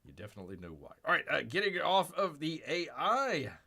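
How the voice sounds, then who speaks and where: A man chatting casually on his own livestream, rambling and restarting his sentences, often calling himself by name in the third person. His voice is bright and lively, leaping around in pitch. It swings from loud bursts to a near-mumble. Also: a little fast, vocal fry, slightly rough. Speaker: livestream host. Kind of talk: casual live-stream chat.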